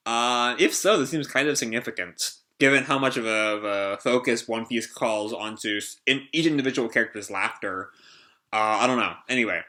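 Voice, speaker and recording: Bright-voiced guy doing a live comic reaction, rambly, lots of ums. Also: mid-range voice, normal speed. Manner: rambling, with many fillers and restarts. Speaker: manga reaction host. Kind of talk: casual live reading and reaction.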